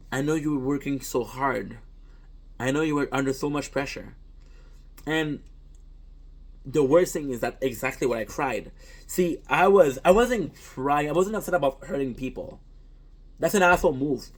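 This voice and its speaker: A man whose first language is French, a content creator talking in a casual, reflective monologue. He is earnest and rambling, often restarts, and swears. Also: on the high side.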